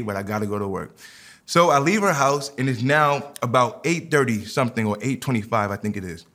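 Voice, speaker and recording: A man's voice: mid-range voice, a bit bright. Preaching man. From New York. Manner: preaching, repeats phrases, storytelling with quoted dialogue. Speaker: pastor. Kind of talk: sermon and personal story.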